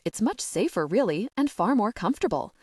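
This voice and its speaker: A woman's voice: mid-range voice, very animated, brisk, darkish tone, husky, no echo, studio quality. A woman voicing an earnest, worried younger sister who explains things at length.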